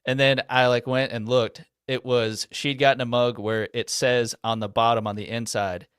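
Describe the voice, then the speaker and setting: A man's voice: medium pitch, little pitch movement, moderate pace, a bit bright, clear, resonant tone, dry recording, clean studio sound. A man in his thirties co-hosting a podcast, telling a story casually and poking fun at himself. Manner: rambling, self-deprecating storyteller. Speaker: podcast co-host. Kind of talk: casual chat.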